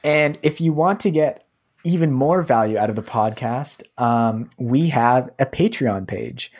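A young American man co-hosts a casual podcast, speaking at a mid pitch. He talks in a loose, relaxed way and often pauses on fillers. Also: husky. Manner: relaxed, filler-heavy, hesitant. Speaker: podcast co-host.

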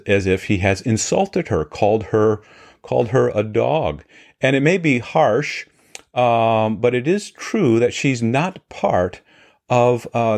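A man, a pastor, talking through a Bible reading in an earnest, unscripted way, often pausing on "uh" and restarting his sentences. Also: fairly low pitch. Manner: unscripted, with frequent "uh" fillers and restarts; earnest, walking through scripture. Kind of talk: Bible study explanation.

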